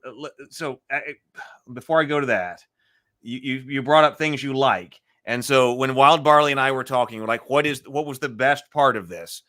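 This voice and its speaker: Male podcast host, bright and forceful tone, rambling delivery with lots of restarts. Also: medium pitch. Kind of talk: casual discussion.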